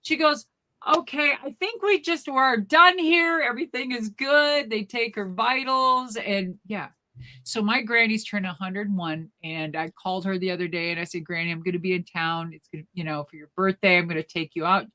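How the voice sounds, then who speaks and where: A woman co-hosting a live stream chat, telling lively family stories and loudly acting out the people she quotes. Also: lowish voice, brisk. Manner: animated, acts out quoted voices loudly. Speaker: co-host. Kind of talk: casual storytelling chat. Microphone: live stream, remote.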